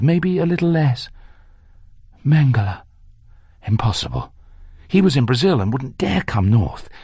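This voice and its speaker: Man, audiobook narration, measured, tense, slow, animated pitch, dry close mic. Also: husky, no echo. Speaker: audiobook reader. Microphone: close studio mic.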